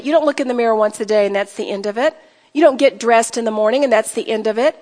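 A woman teaching a women's Bible study, earnest and exhorting, often acting out sample prayers aloud. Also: high-pitched. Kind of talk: sermon. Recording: hall reverb.

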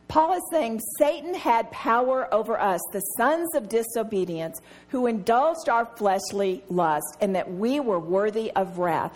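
A middle-aged woman leads a Bible study in a fairly high voice. She talks earnestly and with emphasis, and she circles back to repeat her key phrases. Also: expressive, normal speed. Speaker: women's Bible study teacher.

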